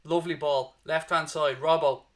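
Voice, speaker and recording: A man with a Dublin Irish accent hosting a fan watchalong, giving animated live match commentary and chatting with viewers, swearing freely and urging positivity. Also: fairly high pitch, normal speed. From Ireland.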